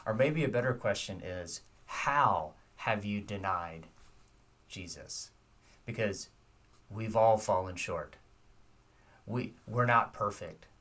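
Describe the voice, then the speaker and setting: A man's voice: fairly low pitch, takes it slowly, long pauses, a bit bright, distant mic. A man giving a short devotional sermon, earnest and reflective, putting direct questions to his listeners.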